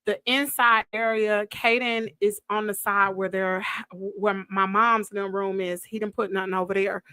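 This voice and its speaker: A woman hosting her livestream from a downstairs home office, telling a story in a lively, gossipy way. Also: medium pitch, moderate pace, smooth, no echo. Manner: animated, gossipy Southern-style storytelling. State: coughing from bug spray fumes. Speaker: livestream host. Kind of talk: casual livestream chat. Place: her home's downstairs office, in front of a green screen.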